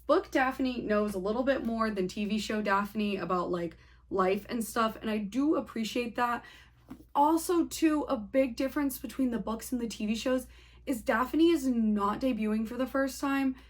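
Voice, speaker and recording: A woman's voice: fairly high pitch, moderate pace. A young woman chatting casually through a book review, rambling and saying "like" a lot.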